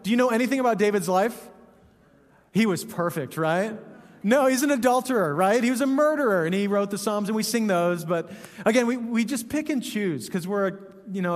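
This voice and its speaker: A man's voice: high-pitched, big-room sound. A man, a pastor, preaching a sermon in a conversational, joking way, often asking "right?".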